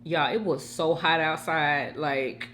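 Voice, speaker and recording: A woman's voice: deep voice, takes it slowly, a little hiss or hum. A woman hosting a mukbang at home, chatting casually and talking straight to her viewers. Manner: chatty, animated, addresses viewers directly. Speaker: mukbang host. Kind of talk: casual chat while eating.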